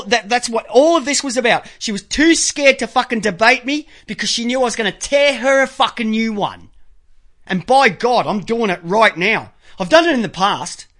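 Hosting a live stream, a man with a high-pitched, somewhat bright voice launches into a combative, profane, unscripted rant that calls people out directly. He slowly counts items aloud while looking at pictures.

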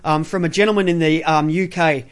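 A man's voice: a little high, fairly even intonation, brisk. Profane man commenting on clips. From Australia. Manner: contemptuous, profane, cheering on clips. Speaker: commentary streamer. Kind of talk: reaction commentary.

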